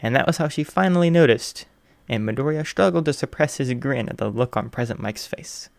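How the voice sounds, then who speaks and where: A man narrating a fan fiction story in an even, unhurried reading. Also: medium pitch, vocal fry, no room sound. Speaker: audiobook reader.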